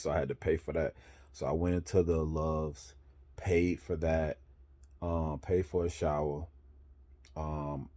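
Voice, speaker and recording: A man who drives trucks telling a story in a casual, rambling way, correcting himself as he goes and marking each turn with "boom.". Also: mellow.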